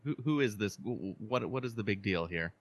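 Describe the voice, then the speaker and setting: A man's voice: lowish voice, animated, brisk. A man playing in a tabletop game, who talks in a playful, wisecracking way. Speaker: player. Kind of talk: tabletop role-play.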